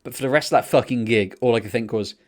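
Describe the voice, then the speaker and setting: A young man, co-hosting a podcast and telling a rambling, sweary story in casual chat. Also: fast talker. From England. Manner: rambling, sweary storytelling with excited pitch jumps. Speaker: podcast co-host.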